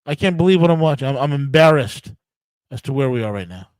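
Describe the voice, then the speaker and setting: A man's voice: medium pitch, animated, fast talker, darkish tone, clean tone, dry recording, poor audio. Profane, furious male political ranter. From United States. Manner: angry, profane, emphatic ranting with many restarts. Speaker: podcast host. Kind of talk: solo political rant.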